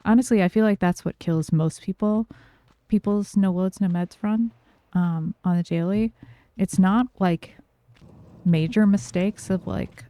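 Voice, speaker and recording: A woman's voice: mid-range voice, moderate pace, mellow, no room sound. A woman with a New York accent chatting loosely while streaming a game, with lots of fillers. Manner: chatty, loose, filler-heavy, laughs easily. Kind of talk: casual gameplay streaming chat.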